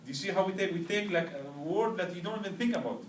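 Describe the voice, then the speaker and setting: A man's voice: high voice, fast talker, a little hiss or hum. Man teaching a class from afar. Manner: checks with "right?" and "understood?", has students repeat. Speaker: language teacher. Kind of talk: classroom lecture with drills. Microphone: far camera. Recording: roomy, distant classroom recording.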